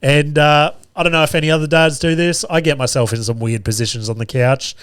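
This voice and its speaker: Animated podcast dad spinning a story. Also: male voice, a little high, a little fast, clean tone, dry recording, studio quality. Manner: animated, profane anecdote-telling with frequent laughter. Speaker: podcast host. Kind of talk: casual storytelling.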